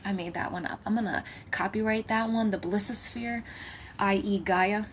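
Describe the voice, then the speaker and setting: A woman in the role of a spiritual healer delivers a channeled message from home, her voice sitting at an ordinary middle pitch. She moves through a reverent, list-like run of thanks, sometimes dropping to a hushed whisper, and breaks it up with light, playful asides. Faint ambient noise hangs under her voice. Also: fairly even intonation, moderate pace. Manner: drops to a hushed whisper at times.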